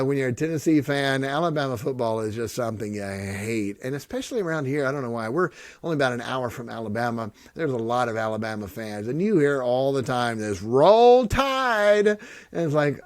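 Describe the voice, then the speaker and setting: A middle-aged man hosting a podcast, joking and sarcastic, swinging between loud bits and soft earnest talk. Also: mid-range voice, no room sound. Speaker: podcast host and pastor. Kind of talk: casual podcast monologue.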